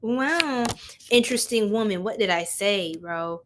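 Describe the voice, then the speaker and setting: A woman's voice: medium pitch, lively intonation, measured pace, background noise. A young woman giving a chatty live-stream tarot reading, laughing often and talking straight to her viewers in slang. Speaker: tarot reader.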